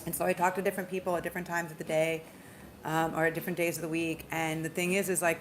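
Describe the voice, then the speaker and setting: Woman, slight Southern drawl, casual tarot reader; emphatic, repeats herself, rushes and stumbles now and then. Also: fairly low pitch, level tone, slight background noise. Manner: chatty, emphatic, repeats phrases, speeds up and stumbles at times. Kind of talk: casual spiritual tarot reading.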